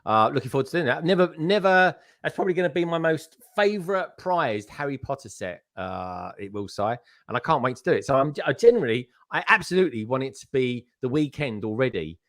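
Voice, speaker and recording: British male co-host, bright tense tone, very animated delivery. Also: mid-range voice, a little fast, hardly any pauses, no room sound, clean studio sound. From United Kingdom. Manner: excitable, jokey, stumbles over words. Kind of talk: casual chat on a livestream.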